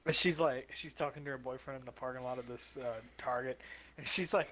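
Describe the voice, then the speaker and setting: A man in casual stream chat telling an animated, swear-filled anecdote. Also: mid-range voice, quick pace, crowd noise. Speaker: streamer's friend. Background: game music.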